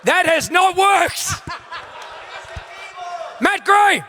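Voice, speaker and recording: An Australian man hosting a live comedy show on stage, loud, sweary and exasperated as he banters with the audience. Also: very high-pitched, sing-song, drawn-out words, crowd noise.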